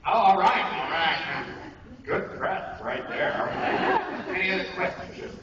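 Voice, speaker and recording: A man's voice: sits high, lively intonation, slow pace, a loud crowd. A male voice actor leading an acting workshop at a convention, in a joking, self-deprecating, rambling way. He is heard in an echoey, dull, noisy convention room from far off. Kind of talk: casual convention workshop talk.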